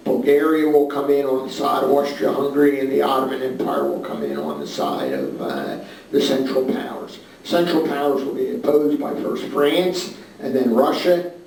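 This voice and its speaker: A man's voice: mid-range voice, normal speed, vocal fry, a little mellow. A man giving a history lecture to a class in a casual way, with many fillers, pointing at a map as he speaks. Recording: far-off mic in an echoey room with faint noise.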